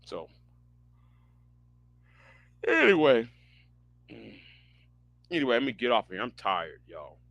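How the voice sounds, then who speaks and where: A man hosting a livestream, ranting casually in a profane, animated way, often stammering and restarting his words. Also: medium pitch, slow pace, pauses often, no room sound, muffled recording. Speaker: livestream host.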